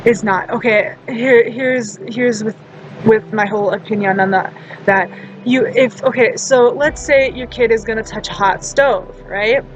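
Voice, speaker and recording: A woman's voice: a little high, normal speed, slight background noise, rough recording. A woman talking casually in a storytime vlog, blunt and profane, rambling with frequent laughs and restarts. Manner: loose, chatty delivery with many fillers and restarts. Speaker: storytime vlogger.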